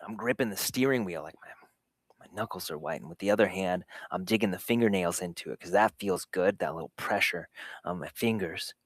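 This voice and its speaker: A man with a lowish voice tells his own story to a live audience, candid and self-deprecating. He lingers on small physical details and laughs easily. The sound is dry and close, with no room around it. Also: a little fast, no room sound. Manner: recounts sensations in vivid detail. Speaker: host of a live show for dads. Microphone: camera setup in a home recording space.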